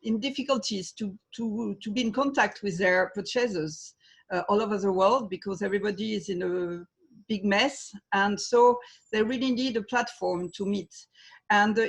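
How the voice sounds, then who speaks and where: A French woman speaking English with a French accent, a trade fair organizer talking on an online panel, careful and pausing with fillers. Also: medium pitch, husky, rough recording. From France. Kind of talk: panel talk on a video call.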